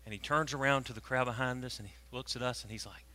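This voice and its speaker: A preacher, telling a story in a sermon and swinging from hushed tones to loud, animated moments. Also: male voice, mid-range voice, fast talker. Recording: long reverb of a large hall.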